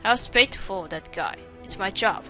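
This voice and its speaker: A woman's voice: medium pitch, animated, fairly quick, bright, forceful tone, faint music behind. A woman reading as a curt ex-soldier. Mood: defensive. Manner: curt, defensive. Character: curt male ex-soldier suspect.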